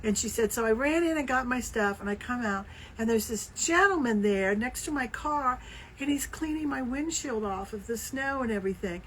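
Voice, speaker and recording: A woman co-hosting a casual knitting podcast, telling stories with lively acted-out quotes. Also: on the high side, normal speed, slight background noise, low-quality recording. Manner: animated storyteller, acts out quoted voices. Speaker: podcast co-host. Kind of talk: casual chat.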